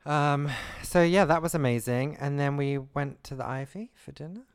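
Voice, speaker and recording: A man's voice: fairly high pitch, moderate pace, clean tone, no echo, studio quality. A man co-hosting a podcast in casual chat, talkative and laughing easily, often trailing off mid-thought. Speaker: podcast co-host.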